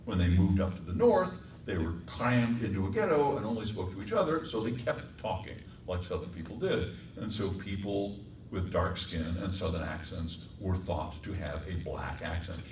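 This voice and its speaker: A man teaching voice acting in a workshop lecture, breaking into accent and pitch demonstrations. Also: lively intonation, moderate pace, a little mellow, a little hiss or hum. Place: performing arts center room. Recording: echoey room, mic far off.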